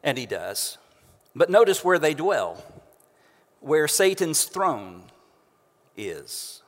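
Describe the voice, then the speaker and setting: A pastor preaching a sermon from a church stage into a microphone, conversational and joking with the congregation. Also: male voice, on the high side, big pitch swings, slow pace. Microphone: stage microphone through house speakers. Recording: long church reverb.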